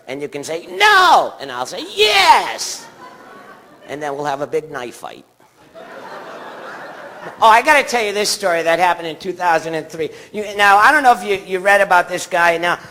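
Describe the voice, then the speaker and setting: A man works a live theatre crowd with a stand-up set, his voice pitched high and ringing bright. He rambles from bit to bit and keeps stopping to banter with the audience. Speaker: stand-up comic.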